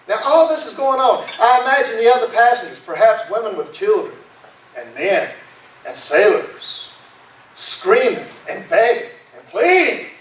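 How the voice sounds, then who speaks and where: A man's voice: very high voice, lively intonation, normal speed. A male pastor preaching a sermon in a folksy, dramatic storytelling way. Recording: echoey room from far off.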